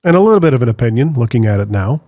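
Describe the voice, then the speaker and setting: A man's voice: mid-range voice, big pitch swings, very fast, dark tone, no echo, studio quality. A man hosting a podcast in casual chat, agreeable, often answering with short agreement and telling his own anecdotes. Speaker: podcast host.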